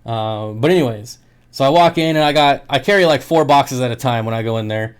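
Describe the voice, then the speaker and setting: A man's voice: mid-range voice, brisk, smooth. A man who sells aquarium fish, chatting casually on his livestream, joking and laughing often. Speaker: aquarium fish seller and streamer.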